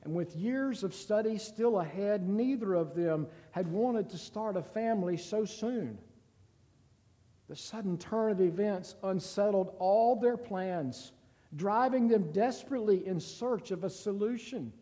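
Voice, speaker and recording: A man reading a story aloud in a slow, deliberate and somber way, with a long reverb. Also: sits high, mellow.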